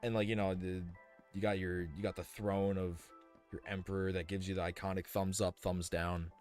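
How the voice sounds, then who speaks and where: A man's voice: sits low, flat delivery, moderate pace, darkish tone, faint music behind. A young man casually thinking aloud as he streams a building game, rambling with many fillers and restarts. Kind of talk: casual live-stream commentary while building.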